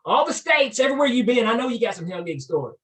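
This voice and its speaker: A man hosting a podcast, asking questions and reacting with quick exclamations. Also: very high-pitched, sing-song, fairly bright tone, recorded from a distance. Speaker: podcast host. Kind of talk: casual interview.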